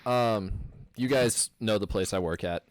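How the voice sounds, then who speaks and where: Casual podcast chat: young man from the midwest rambling and swearing through a story, slightly low voice. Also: measured pace, clear, resonant tone, no echo. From American Midwest. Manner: rambling storyteller, swears a lot, many fillers. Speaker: podcast co-host telling a work story.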